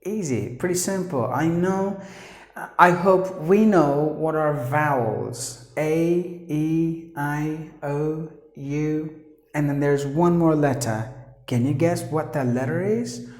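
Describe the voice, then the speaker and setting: Woman, pronunciation teacher, low voice, echoey room. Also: a little mellow. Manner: repeats words slowly, explains patiently with fillers. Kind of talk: pronunciation lesson.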